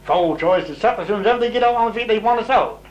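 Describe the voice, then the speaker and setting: A man's voice: high voice, quick pace, muffled recording. An older man tells long farm stories in a rambling, casual way. He uses dialect grammar and acts out what other people said. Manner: rambling, dialect grammar, lively when voicing others' words. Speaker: interviewee telling old farm stories. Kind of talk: casual storytelling.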